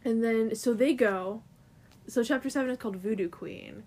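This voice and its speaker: A young woman talks through a comic's story in a relaxed, rambling way. Her voice sits a little high, and she leans on "like" and "um" as she goes. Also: normal speed. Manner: chatty, rambling, filler-heavy. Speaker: co-host. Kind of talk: casual chat retelling a comic's plot.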